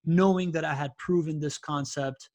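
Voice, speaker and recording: A man guesting on a podcast, telling stories in an animated, casual way full of fillers and "right?" tags. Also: on the high side, normal speed, no room sound. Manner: animated, filler-heavy, keeps asking "right?". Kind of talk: casual interview storytelling.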